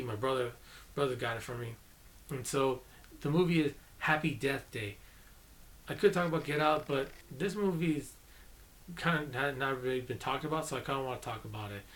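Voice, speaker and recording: A man's voice: medium pitch, fairly bright tone, a little hiss or hum. A man giving a casual, rambling movie review, enthusiastic and often correcting himself mid-sentence.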